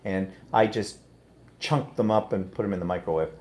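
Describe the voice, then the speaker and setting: A man's voice: fairly low pitch, moderate pace, a little mellow. A middle-aged Canadian man with a Canadian accent, chatting casually on a live stream and reading out viewer comments.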